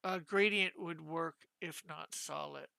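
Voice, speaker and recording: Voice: mid-range voice, measured pace, vocal fry, bright, forceful tone, no room sound. A comic artist chatting casually with viewers on a live stream while drawing, thinking aloud and asking their advice.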